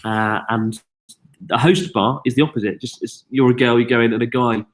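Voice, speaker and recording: A tired British man hosting a live-stream Q&A, briskly reading out viewer questions and answering them in casual chat. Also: medium pitch, steady tone. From United Kingdom. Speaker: YouTube host.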